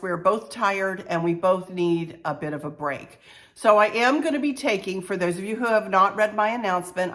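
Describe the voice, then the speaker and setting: Older lady vlogging from home, stuffy cold voice, lowish pitch, chatty and heartfelt. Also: a bit bright. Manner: unhurried, chatty, emotional. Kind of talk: casual heartfelt talk to camera.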